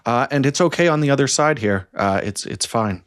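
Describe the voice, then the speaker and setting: A man's voice: medium pitch, expressive, a little fast, smooth, no echo, studio quality. A man co-hosting a casual podcast, chatting in an easygoing way. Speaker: podcast co-host.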